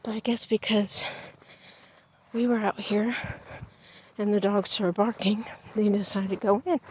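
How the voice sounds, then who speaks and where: A woman's voice: mid-range voice, steady tone, a little slow, breathy edge. A woman chatting in a folksy way to her viewers while walking laps outdoors, a little out of breath. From United States. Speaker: vlogger. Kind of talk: casual vlog chat while walking. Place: outdoors in a backyard.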